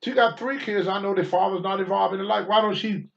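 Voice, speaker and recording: A man's voice: high voice, steady tone, fast, gravelly, lo-fi sound. An older man hosting a talk show, answering viewer questions in a blunt, preachy monologue and swearing freely.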